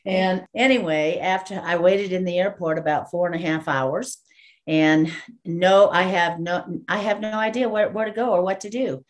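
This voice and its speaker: Woman telling a lively story. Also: fairly low pitch, moderate pace. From Texas, USA. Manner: lively storyteller who acts out the dialogue and laughs often. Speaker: guest minister. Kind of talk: storytelling testimony in an interview.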